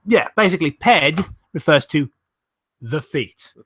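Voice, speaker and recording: A man's voice: a little high, animated, measured pace, a bit bright, breathy edge, dry recording. A man hosting a live stream, reading a story aloud and swearing and joking between lines. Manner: swearing, joking, often laughing. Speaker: stream host. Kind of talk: casual crude banter and reading aloud.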